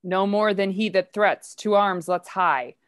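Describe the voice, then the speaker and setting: A woman's voice: mid-range voice, a little slow, dry recording, clean studio sound, lightly acted. A woman reading the part of a wrathful king vowing war, with declamatory, angry verse in a Shakespeare play reading.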